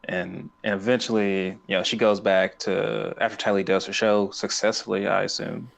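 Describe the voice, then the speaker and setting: A man's voice: fairly low pitch, level tone, moderate pace, gravelly. A man co-hosting a podcast in casual chat, retelling scenes with frequent laughter. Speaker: podcast co-host.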